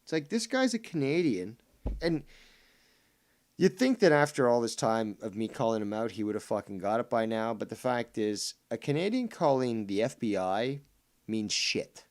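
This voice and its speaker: A man hosting a casual talk show, ranting angrily with heavy profanity and mocking voices, swinging between low mutters and loud outbursts while drinking and smoking. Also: animated, normal speed. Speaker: podcast host.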